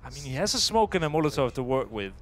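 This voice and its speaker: A man's voice: medium pitch, very animated, quick pace, a little hiss or hum. Chatty man commenting a live esports match. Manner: chatty, laughs easily, thinks aloud mid-sentence.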